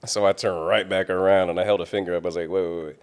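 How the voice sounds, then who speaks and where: A man with a deep voice, co-hosting a podcast and telling a story in casual, swear-filled chat. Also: very fast. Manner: animated storyteller, swears freely. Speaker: podcast co-host.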